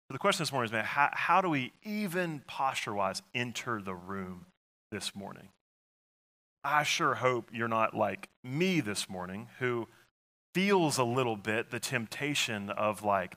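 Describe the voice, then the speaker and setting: A man's voice: medium pitch, animated, normal speed, sharp tone. A man preaching a sermon in an earnest, conversational way, with frequent fillers and restarts. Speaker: pastor.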